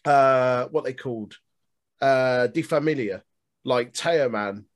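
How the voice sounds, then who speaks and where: A man's voice: medium pitch, slow. A British man co-hosting a wrestling podcast, ranting and swearing in casual chat. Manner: sweary, ranting, laughing often.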